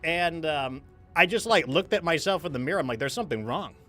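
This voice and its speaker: A gaming streamer talks casually to his viewers, rambling through a candid story with frequent restarts. His voice sits a touch high, with a bright, forward tone. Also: fairly quick, faint music behind.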